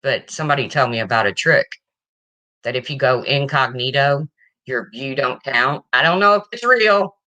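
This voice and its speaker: Low, bright-voiced woman chatting on a livestream. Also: lively intonation, moderate pace, lo-fi sound. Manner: chatty, reads and answers viewer comments. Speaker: livestream host. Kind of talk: casual livestream chat.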